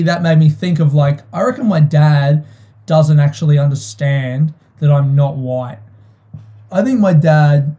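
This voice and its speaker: Aussie comedian guy just rambling, kinda high voice but super mellow and dark, swears a lot. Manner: rambling, candid, swears freely, laughs often. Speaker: stand-up comedian. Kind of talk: casual monologue.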